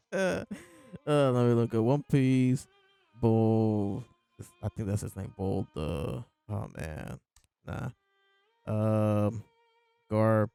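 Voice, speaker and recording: Speaking very slowly with long pauses and vocal fry, a man with a lowish, warm, smooth voice reviews a manga chapter on his podcast. The recording is dry with faint music behind, and his chat is relaxed and rambling, full of fillers and chuckles.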